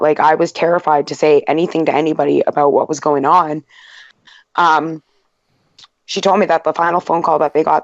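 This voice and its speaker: A woman's voice: low-pitched, no echo. A woman on a podcast speaking candidly about a serious personal experience, with fillers and quoted asides. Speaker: podcast guest. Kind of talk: casual chat. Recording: dry, dull lo-fi podcast audio.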